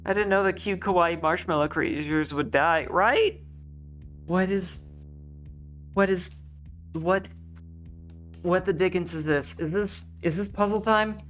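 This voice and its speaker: Low-voiced woman streamer, slow, dramatic. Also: soft background music. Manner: dramatic, emotional reading with shouting and swearing. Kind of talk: reading a visual novel aloud with acted lines.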